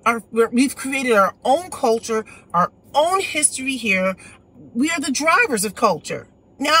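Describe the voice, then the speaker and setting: A woman's voice: sits high, breathy edge. An American woman hosting her own channel, giving opinionated livestream commentary and answering viewers by name. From United States. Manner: opinionated, animated, reads chat aloud. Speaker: channel host.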